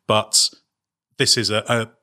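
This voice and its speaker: A man with a lower-pitched, bright voice hosting a casual motorsport podcast. He talks in a measured, hedging way and drops in wry little chuckles. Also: level tone. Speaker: podcast host. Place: on location.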